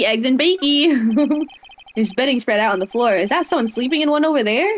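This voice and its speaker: A woman's voice: mid-range voice, slight background noise. A young woman streamer giving casual, playful gameplay commentary, giggling often and rambling.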